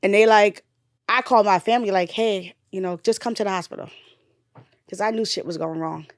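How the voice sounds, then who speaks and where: On a candid podcast, a woman who is a nurse and a bereaved mother retells a painful memory in a medium-pitched, fairly quick voice. The studio recording is clean and dry. She swears openly and drifts between loud retelling and quiet grief.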